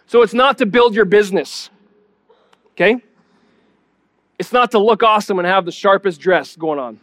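A male pastor with a high, fairly bright voice gives a teaching sermon at normal speed. His delivery is loose and conversational, stumbling over repeated words while he searches for what to say and turning to ask the congregation questions.

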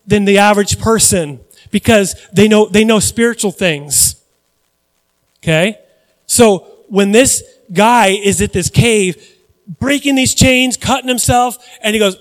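Male pastor, high voice, conversational sermon with dramatic swells, reverberant church hall. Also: measured pace. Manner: conversational preaching with dramatic rises and asides.

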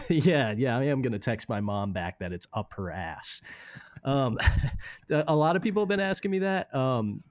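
A man hosting a podcast, easygoing and relaxed in casual chat and show announcements. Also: medium pitch, moderate pace, no echo. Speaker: podcast host.

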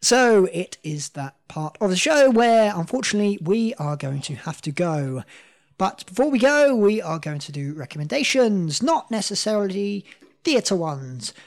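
A woman's voice: mid-range voice, big pitch swings, moderate pace. A woman hosting a podcast game, running it in a playful, upbeat quizmaster manner. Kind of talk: casual chat.

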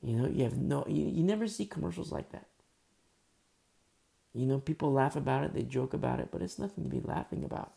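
Gravelly, mellow-voiced man preaching casually. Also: mid-range voice, expressive, brisk. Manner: informal, many fillers, drops to soft murmurs. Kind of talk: conversational sermon.

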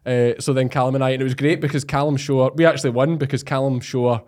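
A Scottish man talks at a quick clip as a podcast host. He tells his stories in an animated way, with plenty of fillers and restarts, and his pitch sits in the middle of the male range. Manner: fast, animated storytelling with many fillers. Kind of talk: casual interview chat.

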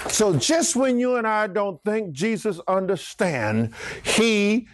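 Lively, high-voiced preacher man. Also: slow pace. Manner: animated storytelling with call-and-response exclamations. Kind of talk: sermon.

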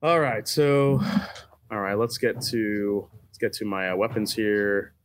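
A man's voice: on the low side, steady tone, a little slow. Joking male player, faint hiss. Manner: joking, laughing, trails off. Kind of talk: casual tabletop play.

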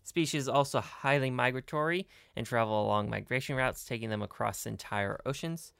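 A woman co-hosts a casual podcast, reading facts in a measured, steady way. Her voice is very deep for a woman. The sound is close and dry. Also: creaky, smooth, dry recording. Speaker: podcast co-host.

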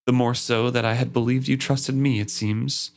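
A man reading aloud as a wounded male friend who speaks in quiet reproach. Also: mid-range voice, steady tone, a little hiss or hum, close to an everyday voice. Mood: hurt. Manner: slow, reproachful.

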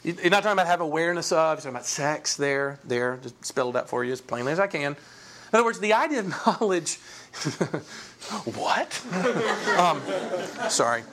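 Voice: medium pitch, lively intonation, fast, fairly bright tone. A Bible teacher giving an informal class, talking conversationally, often repeating words and checking in with rhetorical questions.

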